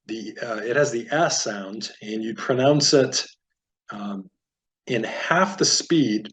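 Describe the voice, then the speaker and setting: A man teaching a beginner reading lesson, patiently explaining sounds step by step. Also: medium pitch. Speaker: Hebrew teacher.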